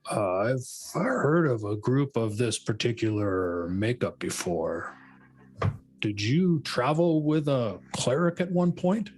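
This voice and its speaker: A man playing a calm, courteous male warrior who carries a shield and warhammer, speaking in a measured, formal way. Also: medium pitch, husky, exaggerated voice. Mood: solemn.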